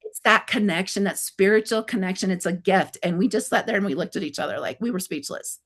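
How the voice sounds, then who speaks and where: A woman's voice: medium pitch, fairly quick, a bit bright, slightly rough. A woman in her fifties from Arizona, a guest telling a personal story in a chatty way, often acting out what others said. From Arizona, USA. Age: 50s. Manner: chatty, acts out others' lines in quotes, many "like" fillers.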